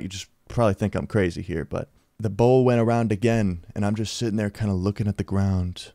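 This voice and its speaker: A man's voice: on the low side, mellow, no room sound, studio quality. A young man in his twenties telling a story in a casual vlog, rambling and laid-back, swearing often and calling people dude.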